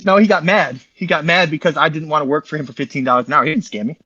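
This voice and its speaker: A man's voice: fairly high pitch, fairly even intonation, sharp tone, dull audio. A man, an interview guest, telling a long rambling story in slangy, repetitive casual talk over a call. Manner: fast, repetitive, slangy, says "bro" often.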